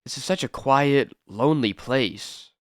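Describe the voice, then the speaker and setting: A man's voice: mid-range voice, measured pace, dry recording, clean studio sound, lightly acted. A man voicing an earnest young male soldier hero who sounds protective. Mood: concerned.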